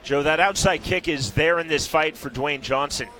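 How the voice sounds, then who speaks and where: A man calling a fight play by play, firing off quick strike calls and shouting on the big moments. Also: a little high, a little hiss or hum. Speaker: play-by-play commentator.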